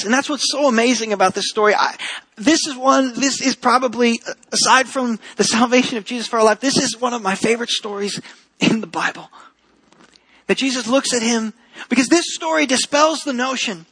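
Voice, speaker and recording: A male pastor delivers an earnest sermon with a voice pitched unusually high. His tone is bright and edged with a husky grain. He drives points home by repeating key phrases. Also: brisk, low-quality recording.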